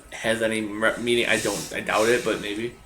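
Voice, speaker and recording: A man's voice: on the low side, little pitch movement, fairly quick, bright, forceful tone, slight background noise. A man co-hosting a casual recap chat, offhand and thinking aloud as he reads from his notes. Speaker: podcast co-host. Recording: echoey room.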